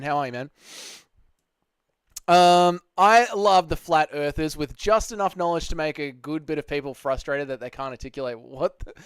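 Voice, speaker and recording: A man's voice: fairly high pitch, clear, resonant tone, no echo. A man hosting a casual livestream, reading chat comments aloud and arguing back. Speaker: livestream host answering chat.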